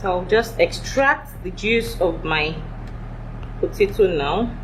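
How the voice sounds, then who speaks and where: A woman vlogger walking viewers through a homemade skincare recipe in a steady, instructive tone. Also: fairly low pitch, slow, noisy background. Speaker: beauty vlogger.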